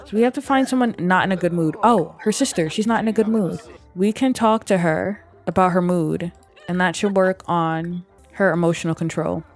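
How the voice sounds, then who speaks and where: A woman's voice: fairly low pitch, moderate pace, faint music behind. A young woman casually commenting on her gameplay, chatting along and voicing her characters' thoughts. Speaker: gameplay streamer. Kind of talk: casual let's-play commentary.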